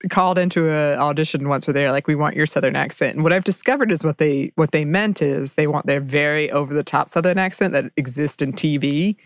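A woman's voice: deep voice, brisk, few pauses, dry recording, studio quality. A woman hosting a podcast in casual chat, laughing and adding lots of affirming murmurs. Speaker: podcast host.

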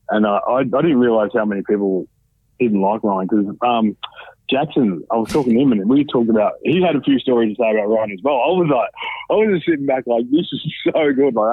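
A man's voice: on the low side, fairly quick, dry recording. An Australian man, a guest telling stories in a casual interview, laid-back, swearing freely and laughing often. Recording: dry, tinny phone-like line.

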